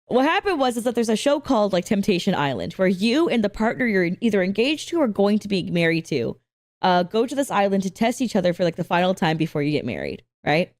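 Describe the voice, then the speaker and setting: A woman hosting a video reaction, chatting casually as an animated storyteller who laughs often and swears freely. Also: medium pitch, fast talker, no echo, studio quality. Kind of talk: casual chat.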